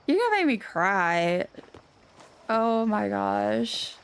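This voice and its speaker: A woman game streamer chatting casually on a live stream, gushing and excitable, rambling with lots of restarts. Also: medium pitch, takes it slowly, creaky, slight background noise.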